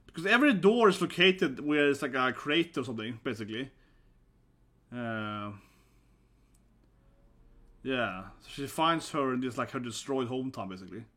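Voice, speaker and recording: A man's voice: medium pitch, animated, moderate pace, pauses often, sharp tone. A man giving live reaction commentary, laughing often and exclaiming, tagging his lines with "right?" and "man". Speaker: reaction video host.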